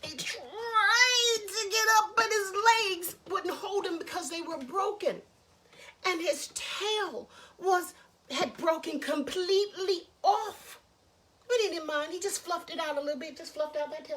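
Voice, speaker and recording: High-voiced woman telling a children's story. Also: a little slow, slight background noise. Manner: lively, chatty asides.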